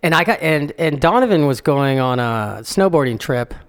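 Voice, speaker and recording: A man's voice: a little high, animated, normal speed, smooth. A man co-hosting a podcast, telling stories in a laid-back, chatty way. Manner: laid-back storytelling, laughs often. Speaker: podcast co-host. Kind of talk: casual chat.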